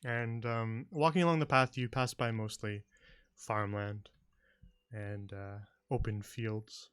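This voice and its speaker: A man narrating a tabletop game as game master in a relaxed, hesitant way. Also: fairly low pitch, takes it slowly, clean tone, no echo, studio quality. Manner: relaxed, hesitant with many "uh" and "kinda".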